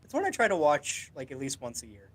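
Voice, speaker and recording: A man's voice: on the high side, wildly swooping pitch, fast talker. Laid-back man chatting on a podcast. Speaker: podcast co-host. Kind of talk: casual chat.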